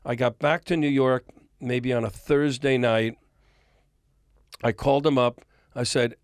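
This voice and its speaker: A man's voice: medium pitch, measured pace, long pauses, no echo, clean studio sound. An older man, a music industry guest on a podcast, telling long stories and acting out the dialogue. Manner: animated storyteller, acts out quoted dialogue. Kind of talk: storytelling in a podcast interview.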